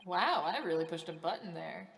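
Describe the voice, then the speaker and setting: A woman streamer reading game dialogue aloud in an expressive, dramatic way. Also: on the low side, normal speed, vocal fry, a little hiss or hum.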